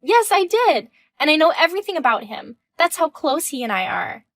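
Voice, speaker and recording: A woman's voice: sits high, sing-song, normal speed, a bit bright, dry recording, pitched above the performer's own voice, heavily acted. A woman voicing a mocking, condescending young woman student in a scripted text-message story. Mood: smug. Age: 20s. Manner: taunting, condescending.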